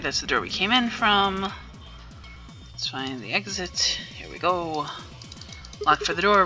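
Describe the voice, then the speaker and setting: A woman playing an escape game aloud, casually thinking out loud. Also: on the low side. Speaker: player. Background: game music.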